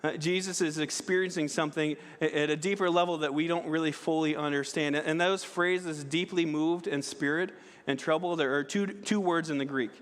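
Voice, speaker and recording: Higher-voiced pastor in a reverberant hall. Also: male voice, fairly even intonation, brisk, hardly any pauses. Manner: conversational, frequent "right?" and restarts. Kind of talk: sermon. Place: church sanctuary.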